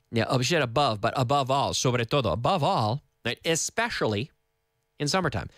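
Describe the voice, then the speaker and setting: A man from Nova Scotia teaching English on live radio from a studio microphone, patiently repeating words slowly for learners. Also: mid-range voice, lively intonation, fairly bright tone, dry recording. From Canada (Nova Scotia).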